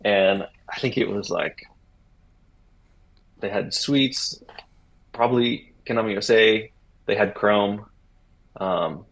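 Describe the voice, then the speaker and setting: Husky man telling a rambling story. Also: lowish voice, slow, pauses often, low-quality recording. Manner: rambling, animated retelling with acted-out quotes. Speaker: interview guest. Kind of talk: casual storytelling in an interview.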